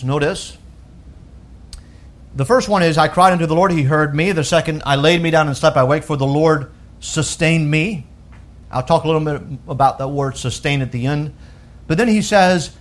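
High-voiced preaching pastor, man. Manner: emphatic preaching that rises to shouts and drops to soft lows; quotes scripture in a slow, deliberate voice. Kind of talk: sermon.

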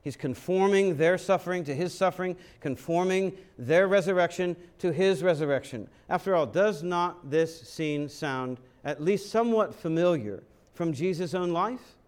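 Guy preaching, lots of rhetorical questions, dramatic delivery, kinda high voice. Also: normal speed, hardly any pauses, darkish tone, smooth. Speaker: pastor. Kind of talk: sermon.

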